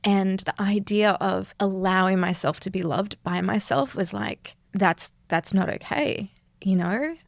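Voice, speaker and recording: Gravelly woman, earnest and animated. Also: mid-range voice, unhurried, dry recording, clean studio sound. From Australia. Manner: earnest, animated, laughs often. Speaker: yoga instructor, guest. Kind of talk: reflective conversational interview.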